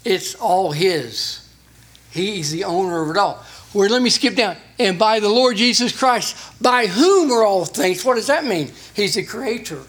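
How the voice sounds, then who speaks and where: A man preaching a sermon, reading scripture and explaining it with rising emphasis. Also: measured pace. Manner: animated, rising in pitch when emphasizing. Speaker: pastor.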